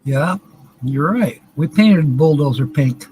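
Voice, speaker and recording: A man's voice: a little high, animated, takes it slowly, a little mellow, a little hiss or hum, rough recording. A man hosting a live stream, chatting in a rambling, folksy and joking way. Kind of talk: casual live stream chat.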